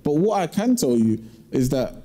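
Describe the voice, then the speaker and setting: A man's voice: a little high, sing-song, normal speed, dark tone. A man in a couple's argument explaining his side, stumbling and restarting as he talks. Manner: hesitant, stumbling restarts, talking over her. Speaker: guest in a couple's dispute. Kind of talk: casual debate.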